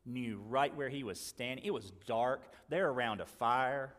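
A pastor preaches earnestly, acting out the dialogue he quotes and switching between loud emphasis and quiet asides. His pitch is medium and his pace moderate, and the sound has a big-room quality.

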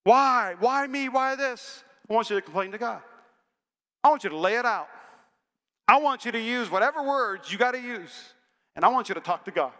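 A man preaching a sermon in a church, energetic and humorous, rising now and then to shouts. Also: high voice, brisk, long pauses. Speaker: pastor. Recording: long hall reverb.

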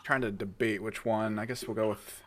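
A man's voice: on the low side, fairly even intonation, moderate pace, slight background noise. A man on a gaming podcast reading out a listener question. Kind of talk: casual gaming podcast chat.

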